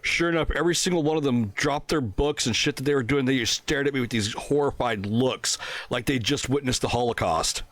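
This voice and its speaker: A man's voice: medium pitch, brisk, a bit bright, dry recording. A middle-aged man telling a crude story in casual podcast chat, laughing often. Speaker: podcast co-host.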